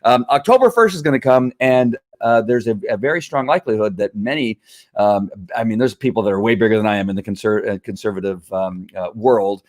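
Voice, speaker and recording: Halting, rambling middle-aged man. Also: fairly low pitch. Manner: rambling, halting, with many fillers. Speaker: show host. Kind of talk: casual live-stream monologue.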